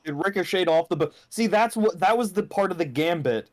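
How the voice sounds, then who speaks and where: A man's voice: high-pitched, animated, crowd noise. Upbeat man co-hosting a podcast. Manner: laughing, joking, quick to do voices. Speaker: podcast co-host. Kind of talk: casual chat.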